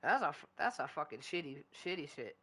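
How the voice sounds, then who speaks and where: A man's voice: a little high, sing-song, fairly quick, bright, forceful tone. A man chatting casually while streaming a video game, rambling loosely and swearing constantly. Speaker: gaming streamer. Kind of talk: casual chat while gaming.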